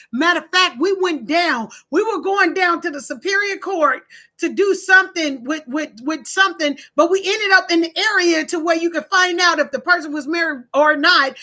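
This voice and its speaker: A middle-aged woman talks casually to camera on her own page, giving animated, preachy advice and acting out her own quoted lines. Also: very high-pitched, normal speed. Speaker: host of own video page.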